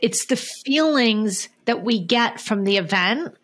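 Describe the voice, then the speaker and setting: A woman's voice: on the high side, lively intonation, slow, a bit bright. A woman hosting a podcast interview, earnest and explanatory, steering the talk with questions. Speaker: podcast host.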